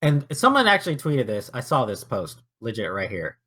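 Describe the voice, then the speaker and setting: A man's voice: mid-range voice, wildly swooping pitch, normal speed, pushed and bright. A man co-hosting a podcast, arguing his point emphatically, swearing often and tripping over his words as he starts. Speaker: podcast co-host. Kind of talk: casual podcast argument.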